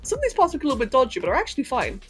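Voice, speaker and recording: A woman from England with a posh London accent, softened by a little Californian, chatting casually and laughing with her chat during a gaming livestream. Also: high-pitched, wildly swooping pitch, rapid-fire, soft background music. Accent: posh London English, slightly Californian-tinged. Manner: chatty, giggly, answers chat while playing.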